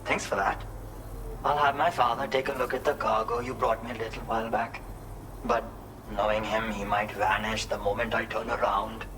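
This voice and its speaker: An actor doing a grateful game character with an Indian accent. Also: male voice, lowish voice, little pitch movement, moderate pace, background noise, natural voice. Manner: grateful, flourishes at sentence ends. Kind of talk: video game dialogue.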